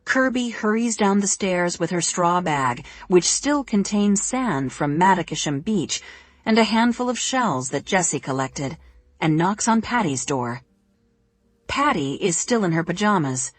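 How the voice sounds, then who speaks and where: A woman narrating a novel in a steady, even reading. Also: on the low side, unhurried, dry recording. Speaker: audiobook narrator. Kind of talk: scripted narration.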